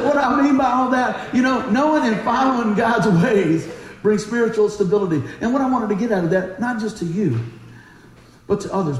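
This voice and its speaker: Animated high-voiced preacher in echoey hall. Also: male voice. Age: 40s. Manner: animated, laughs often, acts out voices in stories; talks fast. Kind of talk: sermon with personal stories. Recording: very echoey room.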